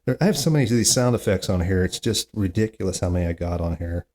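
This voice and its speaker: A man hosts a one-man comedy podcast and reels off terrible jokes. His voice is mellow and dark, and it swoops around a lot between the punchlines. He mocks himself along the way, complaining about his own material. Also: low-pitched, animated, fast. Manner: self-mocking, groans at his own bad jokes, chatty asides. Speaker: podcast host. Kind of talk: solo comedy podcast, reading corny jokes.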